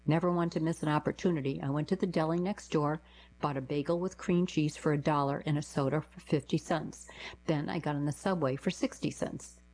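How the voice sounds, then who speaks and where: Husky-voiced woman reading diary columns. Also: deep voice, steady tone, a little fast, a little mellow, poor audio. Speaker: volunteer reader for a radio reading service.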